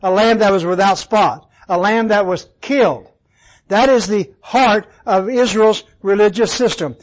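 Man, Bible teacher, high voice, asks the class questions, repeats the key points. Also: measured pace, poor audio. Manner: quizzes listeners with questions, repeats key words. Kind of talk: interactive Bible study teaching.

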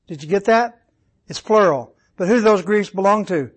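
A man's voice: high-pitched, expressive, moderate pace, poor audio. A man teaching a Bible study, quizzing his listeners with questions and repeating key words for emphasis.

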